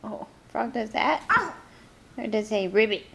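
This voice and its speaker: A woman at home coaxing a toddler with slow, encouraging, sing-song prompts. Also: on the high side, gravelly, slight background noise. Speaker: parent.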